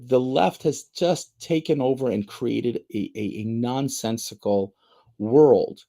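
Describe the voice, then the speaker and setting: Animated, stammering man in heated commentary. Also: mid-range voice. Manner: animated, repeats words and stammers when fired up. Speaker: podcast co-host.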